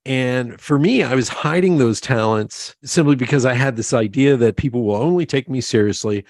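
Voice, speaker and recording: A middle-aged man hosting a casual interview, playful and quick to joke. He has a middle-pitched voice, and the recording is dry with no room echo. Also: a little mellow. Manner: playful, joking, quick to laugh. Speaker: podcast host.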